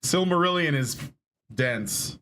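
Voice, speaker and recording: Soft-spoken man, faint background noise. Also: fairly high pitch, expressive. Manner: brief agreeing replies, halting.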